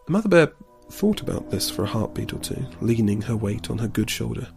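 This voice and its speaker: A man reading a story aloud in a calm, steady storybook narration. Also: lowish voice, fairly quick, creaky, hardly any pauses, faint music behind.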